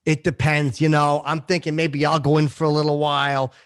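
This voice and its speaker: A man's voice: a little high, flat delivery, a little fast, clean tone, no echo, studio quality, lightly acted. An actor playing a crude, boastful male comedian who hosts a podcast, talking with swagger and heavy swearing. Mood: smug. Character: crude boastful middle-aged male comedian, vain and petty. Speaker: podcast host. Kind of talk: improvised character comedy.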